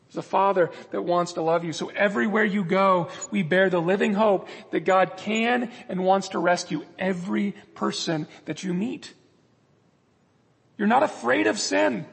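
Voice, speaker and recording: A man's voice: high-pitched, normal speed, vocal fry, slightly rough, big-room sound. A man preaching a sermon as a pastor, earnest, acting out prayers and God's replies in the quotes.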